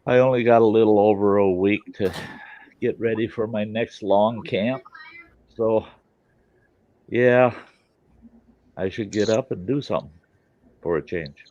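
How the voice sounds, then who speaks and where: A man's voice: lowish voice, unhurried, pauses often, no echo. A man hosting a show, telling a joke casually in a folksy, rambling way, in a dull lo-fi recording. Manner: folksy, rambling, laughs at his own jokes. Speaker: host.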